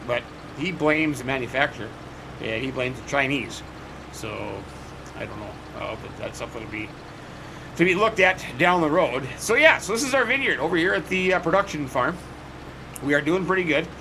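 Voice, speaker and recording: A man's voice: mid-range voice, vocal fry, background noise. A man chatting casually in a folksy, rambling way while he narrates his farming game. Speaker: host. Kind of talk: casual gameplay commentary.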